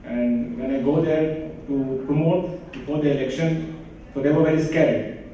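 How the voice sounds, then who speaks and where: A man from Germany, a politician on a conference panel, telling a story quickly and switching between languages. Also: a little high, steady tone, mellow, muffled recording, a little hiss or hum. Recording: echoey hall, far from mic.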